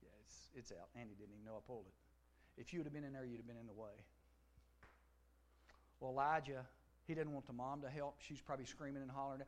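A middle-aged man preaching a sermon to a youth audience, telling the story with animation and acting out dialogue, swinging from loud to hushed. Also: mid-range voice, steady tone, fast talker, pauses often. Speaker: pastor. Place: large room before a youth audience.

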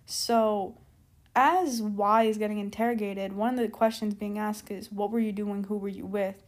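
A woman's voice: mid-range voice, fairly even intonation, normal speed. Chatty young woman telling a story. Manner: chatty, lots of "like" and "keep in mind" asides; rambling, loses her train of thought and backtracks. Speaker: storytime vlogger. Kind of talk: casual storytelling.

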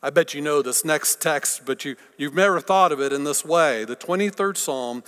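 A male pastor delivers a sermon at an unhurried pace. His voice is slightly high and bright, rising to forceful declarations, then falling to near-silent whispers. Long reverb trails each phrase, as in a large sanctuary. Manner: dramatic swings from loud to whispered.

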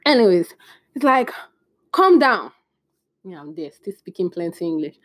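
Young woman telling a lively story. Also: lowish voice, brisk, no echo, clean studio sound. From Nigeria. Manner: animated, acts out quoted voices. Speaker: podcast host. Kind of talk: casual storytelling.

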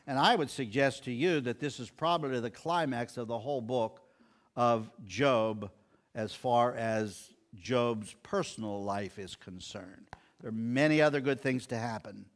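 An older man preaching a sermon, telling scripture stories and acting out the quoted lines. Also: mid-range voice. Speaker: pastor.

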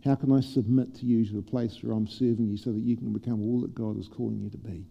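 A man preaching a sermon to a congregation, playful and lively at first and then quiet and prayerful. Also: lowish voice, fast talker, gravelly, breathy edge, big-room sound. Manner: animated, humorous preaching that turns soft and prayerful. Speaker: pastor. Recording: dull lo-fi church sermon recording.

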